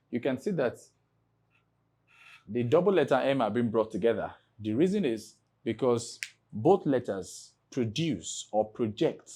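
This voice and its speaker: A man from Nigeria teaching an exam prep English lesson, explaining slowly and spelling words out letter by letter. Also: mid-range voice, darkish tone, breathy edge. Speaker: English tutor.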